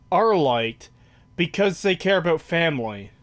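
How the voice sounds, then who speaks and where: A man's voice: on the high side, lively intonation, normal speed. A young man hosting a casual podcast, swearing freely and ranting in an exasperated way. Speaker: podcast host. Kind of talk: casual chat.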